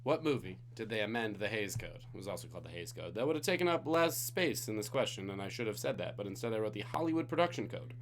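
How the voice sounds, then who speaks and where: A man's voice: lowish voice, expressive, quick pace, hardly any pauses, a little hiss or hum. A man from Singapore hosting a live-streamed trivia night, reading questions with jokey, playful asides to the chat. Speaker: trivia host.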